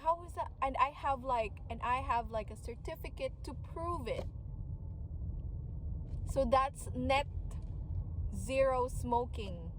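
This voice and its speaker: A woman's voice: high-pitched, animated, slow, long pauses, rough recording. A woman in her late twenties, vlogging candidly outdoors at a beach. She sounds weary and frank, slipping into frustrated sarcasm. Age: late 20s. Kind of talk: candid personal vlog. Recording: loud outdoor traffic noise.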